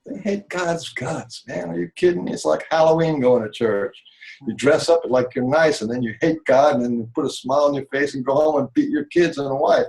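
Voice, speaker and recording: A man's voice: a little high, sing-song, a little fast, creaky, a little mellow, rough recording. Man, rambling spiritual monologue, swears freely, repeats himself, dramatic. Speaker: spiritual talk show guest.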